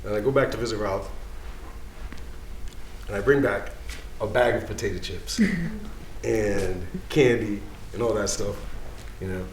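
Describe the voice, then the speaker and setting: A man's voice: fairly low pitch, steady tone, measured pace, long pauses, reverberant, a little hiss or hum. A man in his thirties, a dean of students, telling a personal story live in a casual, streetwise way, full of "you know".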